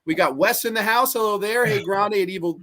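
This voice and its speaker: A man's voice: high voice, fairly quick, sharp tone. A young man in his twenties hosting a casual live horror podcast, chatty and joking as he greets viewers. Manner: chatty, joking, reads chat greetings aloud. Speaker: podcast host. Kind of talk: casual live-stream chat.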